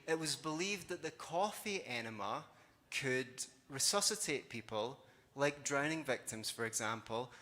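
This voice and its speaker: A man's voice: on the high side, bright, forceful tone. A man giving a live conference talk, conversational and wry, with sarcastic asides. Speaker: conference speaker. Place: conference hall. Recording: long hall reverb.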